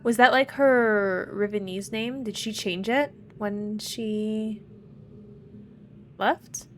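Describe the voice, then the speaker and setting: Slow-talking woman streamer thinking aloud. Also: mid-range voice, slight background noise. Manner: muttering to herself, puzzling things out aloud. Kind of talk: casual live game commentary.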